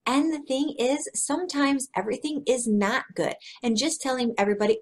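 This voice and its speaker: A woman in her thirties giving a devotional teaching talk, earnest and conversational, telling personal stories frankly. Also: sits high. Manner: earnest and conversational, slow and deliberate. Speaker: Christian speaker.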